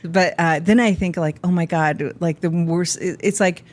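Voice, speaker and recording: A middle-aged woman with a notably low, deep voice, talking casually as a comedy guest. She rambles through stories with frequent laughs and asides. She grew up in the American Midwest. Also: fairly even intonation, moderate pace, background noise. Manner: chatty, laughing, rambling storyteller. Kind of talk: casual chat.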